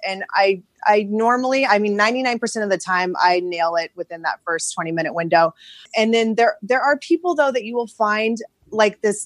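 A woman's voice: mid-range voice, no room sound. Bubbly woman photographer talking casually. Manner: bubbly and expressive, chatty. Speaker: guest photographer. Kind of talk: casual interview.

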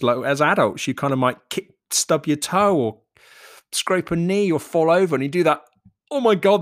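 A man talking alone on his own podcast, reflective and rambling, swearing casually and often laughing. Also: fairly high pitch. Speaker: podcast host and coach. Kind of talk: solo podcast monologue.

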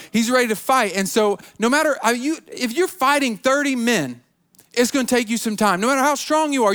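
A man's voice: sits high, a bit bright. A man preaching a sermon, retelling a Bible story with casual asides and acting out its characters' lines. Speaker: pastor.

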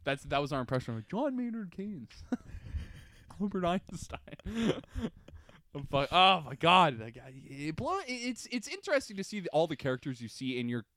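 A young man co-hosting a podcast talks in a bright, fairly high voice that swings widely in pitch. He jokes and laughs often in casual chat, recorded close on a dry mic. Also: fast talker, hardly any pauses, no echo. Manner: animated, joking, laughs often. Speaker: podcast co-host.

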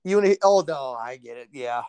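A man's voice: medium pitch, lively intonation, brisk, a little mellow, clean tone, no room sound. A man in casual podcast chat, laid-back and profane, telling hunting and cooking stories. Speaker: podcast co-host.

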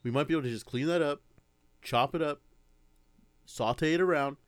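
A man's voice: on the high side, moderate pace, dry recording. A man directing a recording session in a comic sketch, rambling and coaxing in a patient way. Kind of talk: comedic improvised sketch.

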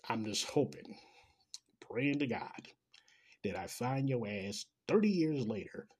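A man's voice: medium pitch, expressive, unhurried, darkish tone, husky. A man delivering an angry, profane, sarcastic rant straight to the listener. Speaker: commentator. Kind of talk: ranting commentary.

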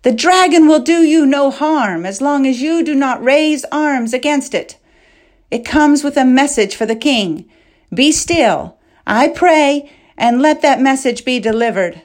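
A woman's voice: high voice, expressive, unhurried, pitched above the performer's own voice. A woman voicing a bold young princess in an audiobook, calling out commands in a raised, declaiming voice. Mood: commanding.

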